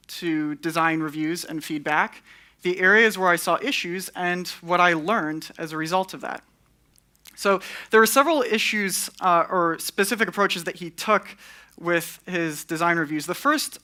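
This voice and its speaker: Pitched high with a sharp edge, this young man's voice carries a candid talk from a conference stage. He drops in wry, sarcastic asides along the way.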